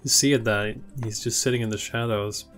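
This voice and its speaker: A man's voice: on the low side, fairly even intonation, fairly quick, a bit bright, soft background music. Stuffy-nosed man reacting to anime. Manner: chatty, swears casually, laughs often. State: stuffy nose, sniffing. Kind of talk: casual reaction commentary. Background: anime audio playing underneath.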